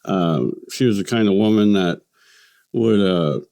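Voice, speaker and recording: A man in his late forties, a podcast guest, speaking in a halting, matter-of-fact, self-deprecating way. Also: low-pitched, vocal fry, warm tone, dry recording. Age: late 40s. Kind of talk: casual podcast chat.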